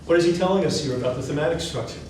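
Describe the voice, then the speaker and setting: A man's voice: on the high side, racing. Man lecturing in an echoey classroom. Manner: quizzing students, animated and encouraging. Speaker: music professor. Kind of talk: classroom lecture with questions to students. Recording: echoey classroom from far off, faint hiss.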